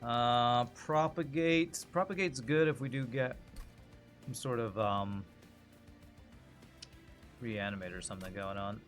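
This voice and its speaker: A man's voice: medium pitch, slow pace, long pauses, fairly bright tone, soft background music. Man thinking aloud on a game stream. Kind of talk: casual gameplay commentary.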